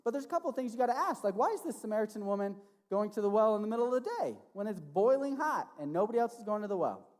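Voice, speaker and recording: A man preaching as a youth pastor to teenagers, casual and animated, often checking in with "right?". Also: high-pitched, racing. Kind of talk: sermon to teenagers. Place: church hall. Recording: long reverb of a large hall.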